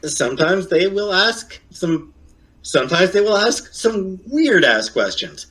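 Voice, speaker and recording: A man with a fairly high, very lively voice rambles through casual stream chat, hesitant and full of fillers, then jumps far up in pitch to make a point. His tone swings widely. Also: unhurried. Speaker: streamer in a reacted-to clip.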